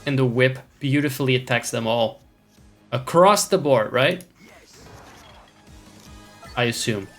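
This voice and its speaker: A man's voice: mid-range voice, animated, measured pace, a bit bright, soft background music. A man streaming a video game, chatting with viewers in a rambling, wry way, swearing and putting on mock-imperious airs. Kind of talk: casual gameplay chat with viewers.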